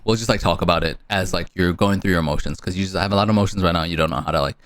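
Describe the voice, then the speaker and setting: A young man co-hosting a podcast in casual chat, animated and swearing freely. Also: deep voice, racing, few pauses, dry recording. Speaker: podcast co-host.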